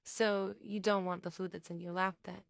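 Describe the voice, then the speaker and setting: A woman voicing a teasing man who keeps pressing with mock-gentle questions, in a story reading. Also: mid-range voice, level tone, moderate pace, vocal fry, no room sound, clean studio sound, lightly acted.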